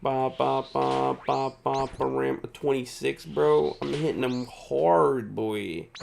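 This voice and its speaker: A man's voice: medium pitch, steady tone, takes it slowly, creaky, slight background noise. A tired male streamer giving casual live gameplay commentary, chatting with viewers and laughing often. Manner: chatty, reads and answers viewer chat, frequent laughs.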